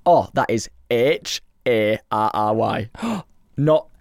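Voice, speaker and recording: Man, podcast co-host, casual chat, playful teasing, lively pitch, dry close sound. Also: slow pace, gravelly, no echo.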